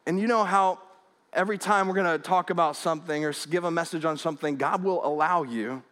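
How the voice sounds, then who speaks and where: A man with a high voice delivers a sermon from a church sanctuary, telling stories with humor and frequent restarts. The sound carries a long hall reverb around him. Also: a bit bright. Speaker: pastor.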